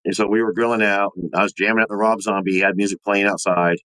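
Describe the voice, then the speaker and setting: A man, a podcast guest and former soldier, telling his ghost stories in a rambling, animated way and acting out the voices of the people in them. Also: on the low side, fast, dry recording, rough recording. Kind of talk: casual storytelling of personal ghost stories.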